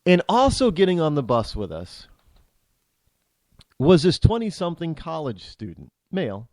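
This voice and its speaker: A man's voice: on the high side, wildly swooping pitch, normal speed, darkish tone, dry recording. A middle-aged man hosting a talk show, telling an opinionated story bluntly, with frequent restarts. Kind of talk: storytelling monologue.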